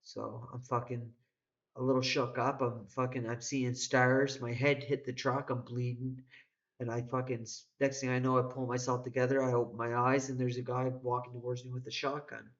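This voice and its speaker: A man's voice: mid-range voice, flat delivery, moderate pace, lo-fi sound. A man telling a personal story in a rambling, profane way, full of restarts and swearing. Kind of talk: casual spoken storytelling.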